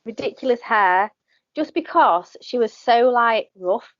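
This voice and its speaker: A Northern English woman in a loose podcast chat, her pitch swinging widely as she goes. She talks animatedly, swears freely and keeps slipping into quick impressions. The sound is dry and a little dull. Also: lively intonation, no room sound. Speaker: podcast guest. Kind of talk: casual chat.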